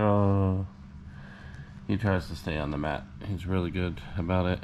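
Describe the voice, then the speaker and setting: A man chatting casually to puppies on a vlog, slipping into high sing-song baby talk. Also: fairly even intonation, measured pace, darkish tone, slight background noise. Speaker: vlogger showing puppies.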